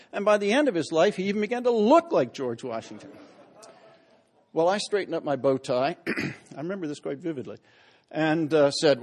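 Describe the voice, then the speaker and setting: A man giving a humorous public lecture as a historian, telling anecdotes with self-deprecating humor and acting out the voices in his stories. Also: on the high side. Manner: acts out quoted voices loudly.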